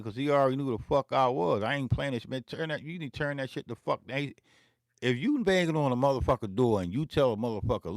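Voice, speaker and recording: Speaking quickly with lively intonation in a mid-range voice, a vlog host and beatmaker from Philadelphia rambles through a long, profane story in his home studio. He keeps repeating himself as he talks casually to camera, with no echo.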